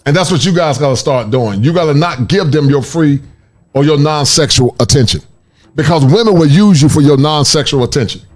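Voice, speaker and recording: A man's voice: a little high, expressive, brisk, darkish tone. Preachy man commenting on clips. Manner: laughing, preachy asides to viewers. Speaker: commentary channel host. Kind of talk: reaction commentary.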